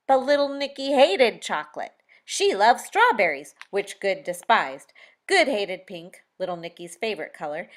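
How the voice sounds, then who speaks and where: A woman author narrating her own novel as an audiobook, with expressive storytelling and lively emphasis. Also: medium pitch.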